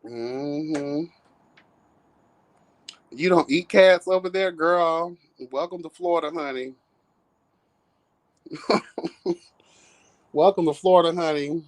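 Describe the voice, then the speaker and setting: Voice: medium pitch, slow pace, pauses often. A livestream host talking casually at home, sassy and chatty, calling listeners girl and honey. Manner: breaks into bits of song and laughs. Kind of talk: casual gossip commentary. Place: home, with cats.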